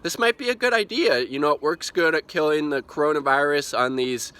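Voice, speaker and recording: Man doing a mocking take on a smug president: high, bright, dismissive. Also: fairly quick, clean tone. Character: boastful male president brushing off criticism.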